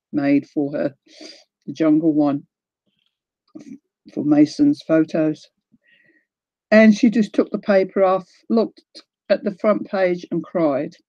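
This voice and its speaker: A woman's voice: deep voice, no room sound, lo-fi sound. An older woman from New Zealand with a New Zealand accent, hosting a craft livestream in casual chat, greeting viewers by name and laughing often.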